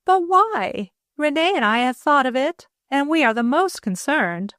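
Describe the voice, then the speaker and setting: A woman reading an audiobook, voicing an earnest young woman pleading with her mother, slow and breathless. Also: sits high, sing-song, a bit bright, dry recording, clean studio sound, pitched above the performer's own voice, full character voice. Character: earnest young woman, nervous but determined daughter.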